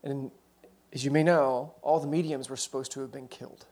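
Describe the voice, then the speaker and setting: A man preaching a sermon, telling the story conversationally with quick asides and self-corrections. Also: medium pitch, fairly even intonation, darkish tone.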